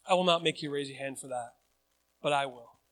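A male pastor preaching a sermon in a church, acting out desperate cries and then dropping to quiet reflection. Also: medium pitch, a little fast. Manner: animated, acts out pleading cries then drops to quiet reflection.

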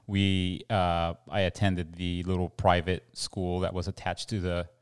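Low-voiced man co-hosting a podcast. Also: level tone, unhurried, smooth. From El Paso, Texas. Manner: rambling, chatty, many fillers and restarts. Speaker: podcast co-host. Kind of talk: casual podcast chat.

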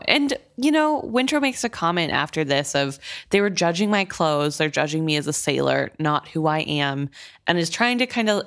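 A woman co-hosting a casual book podcast, chatty and laughing often as she talks. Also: low voice. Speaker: podcast co-host.

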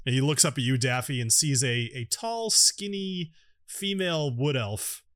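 A man narrating as game master for a tabletop game, in a casual, halting way with many fillers. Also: medium pitch, fairly bright tone, no echo, clean studio sound.

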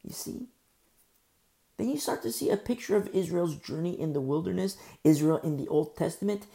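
A male pastor with a high, gravelly, rasping voice leads a Bible study in a relaxed, conversational, sermon-like way. Because his throat is sore, he shifts between forceful emphasis and a soft, slow delivery.

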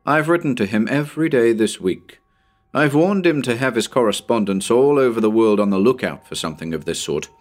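A man voicing a cranky elderly male professor with a squeaky voice and a severe, scornful manner. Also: brisk, faint music behind, close to an everyday voice. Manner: severe, contemptuous, excitable.

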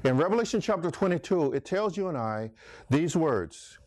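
A man's voice: fairly high pitch, sing-song, normal speed, darkish tone, dry recording. A man preaching a sermon, emphatic, calling out listeners by name. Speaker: pastor.

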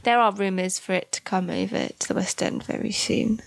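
A woman chatting on a podcast, giggly and quick to sing show tunes. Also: mid-range voice, steady tone, creaky. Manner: giggly, breaks into show-tune singing. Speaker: podcast co-host. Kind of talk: casual chat.

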